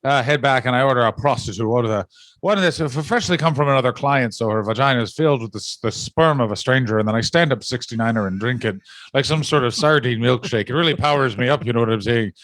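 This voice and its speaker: A man's voice: medium pitch, fast talker, a bit bright, no echo, lightly acted. A man putting on a crude, rambling Irish wrestler. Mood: smug. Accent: put-on Irish. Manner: rambling, crude, mock-sincere. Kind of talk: comedic impression.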